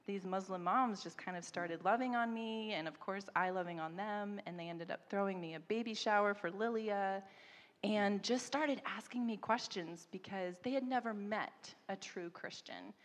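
A missionary woman in her thirties telling a story, animated and laughing often, mimicking people in a higher voice. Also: moderate pace. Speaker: missionary guest. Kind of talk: storytelling in a church interview. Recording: long hall reverb.

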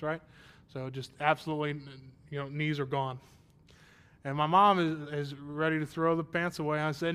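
With a fairly high, clean, slightly bright voice, a thirtysomething pastor preaches a sermon anchored in a personal story. He opens in a self-deprecating, conversational way and rises to emphatic praise.

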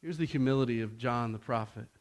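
A man delivers a sermon slowly and deliberately, and his voice climbs in pitch and force whenever he drives a point home.

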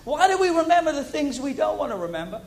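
A man preaching a sermon to a congregation, animated, repeating key phrases and asking the audience questions. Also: extremely high pitch, fast talker.

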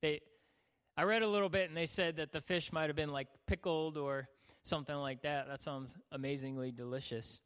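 A man's voice: a little high, steady tone, a little fast, a bit bright, clean tone. A young man preaching a sermon as a youth pastor, joking and acting out the people in his stories. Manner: joking, acts out voices. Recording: long hall reverb.

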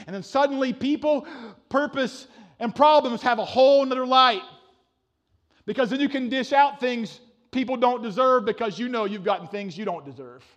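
A man with a high, light voice delivers a sermon as a pastor. He preaches with fervor, rising to near shouts and dropping to hushed, intense asides, often stumbling over repeated words before pushing on. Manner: passionate preaching, swings from loud to hushed; stammering restarts.

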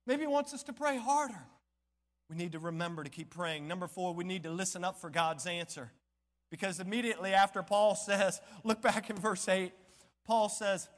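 Impassioned high-voiced male preacher. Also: expressive, a little fast. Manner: impassioned, swinging between shouting and near-whispering. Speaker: pastor. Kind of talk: sermon. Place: church sanctuary. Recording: long church hall reverb.

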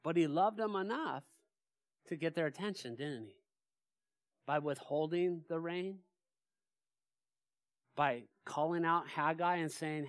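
A male pastor preaching a sermon in a church, animated and asking his congregation rhetorical questions. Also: fairly high pitch, slow pace, long pauses, no echo. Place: church sanctuary.

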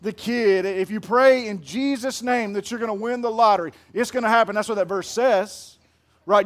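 A man preaching to his congregation in a high voice. He talks in an easy, conversational way and keeps putting questions to the crowd. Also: normal speed. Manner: conversational, quizzes the audience with questions. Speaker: pastor. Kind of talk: sermon.

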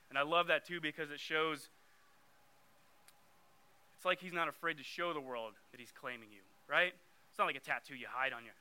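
Young guy preaching, super bright crisp voice, chatty then punchy on the verses. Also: on the high side. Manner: conversational, emphatic when reading scripture. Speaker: youth preacher. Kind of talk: sermon.

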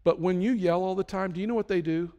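Man, pastor, conversational emphatic sermon, somewhat high voice, long hall reverb. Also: quick pace. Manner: conversational, emphatic preaching with sudden loud bursts.

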